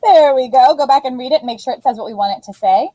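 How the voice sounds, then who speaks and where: A woman teacher giving a phonics lesson to young children in an animated, sing-song voice. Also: high voice, fast, dry recording, low-quality recording.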